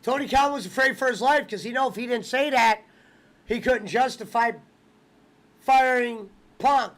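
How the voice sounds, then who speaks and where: High-voiced man in profane casual chat. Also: moderate pace. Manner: excitable, swears a lot, keeps acting out movie lines. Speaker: watch-along host.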